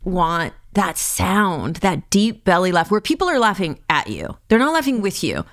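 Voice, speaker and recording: A woman's voice: on the low side, moderate pace. A woman from the Boston area, an improv and clown performer, telling stories on a podcast and acting out the quotes with frequent laughs. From Boston area, USA. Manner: animated storyteller, acts out quotes, laughs often. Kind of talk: casual storytelling interview.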